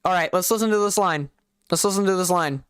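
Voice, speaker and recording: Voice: mid-range voice, fast talker. A streamer with a light Southern US accent, from the South, giving rambling, self-deprecating live-stream commentary to chat.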